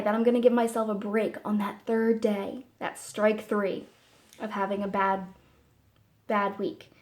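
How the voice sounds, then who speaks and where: A woman talking casually to camera in a personal vlog, meandering and halting, with many fillers and restarts. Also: medium pitch. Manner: soft and candid. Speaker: vlogger.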